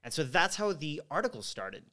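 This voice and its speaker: A man's voice: fairly high pitch, sing-song, brisk, sharp tone. A young man from Montreal, a podcast guest in a studio, telling his story in a loose, casual way with plenty of swearing. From Montreal, Canada.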